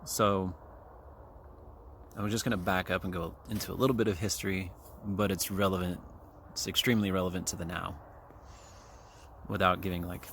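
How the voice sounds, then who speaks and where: Low, gravelly forties man from Kansas City, rambling casual podcast host, profane and full of fillers, faint trail noise behind. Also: little pitch movement, moderate pace, pauses often, a bit bright. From Kansas City, USA. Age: 40s. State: chewing gum. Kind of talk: casual solo podcast monologue. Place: outdoors on a trail. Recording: faint outdoor background noise.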